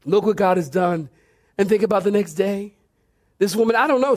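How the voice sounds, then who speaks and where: A man preaching a sermon, telling the story in an animated way that swings between excited and low, emphatic delivery. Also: moderate pace. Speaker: pastor.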